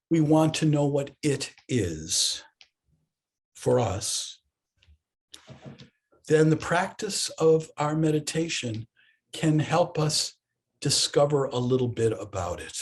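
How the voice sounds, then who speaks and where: A man's voice: fairly high pitch, very animated, takes it slowly, long pauses, husky. A man, a Buddhist teacher, giving a reflective dharma talk that often stops and restarts. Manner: reflective, hesitant, with many restarts.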